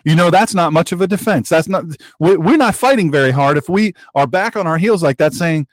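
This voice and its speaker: A man's voice: sing-song, brisk, dry recording. A man hosting his own broadcast, giving emphatic political commentary with heated repetition. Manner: heated and emphatic, with sharp pitch jumps and repetition. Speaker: host of an online broadcast.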